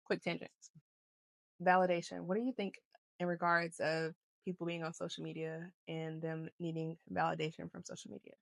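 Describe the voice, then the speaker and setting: A woman's voice: fairly low pitch, flat delivery, normal speed, creaky, no room sound. A woman co-hosting a podcast, chatting casually about her work and life, laughing often and going off on tangents. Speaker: podcast co-host. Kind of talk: casual chat.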